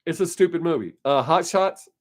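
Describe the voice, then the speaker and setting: A man's voice: on the high side, expressive, normal speed. A man hosting his weekly live stream, chatting casually and answering viewer comments in a rambling, opinionated way. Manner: rambling, opinionated, laughs often.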